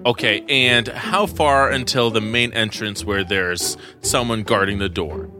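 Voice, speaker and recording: Brief: male tabletop player, bright tone, steady action calls, light music behind. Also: lowish voice, a little slow. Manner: steady, plainly stating actions. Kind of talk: tabletop role-play.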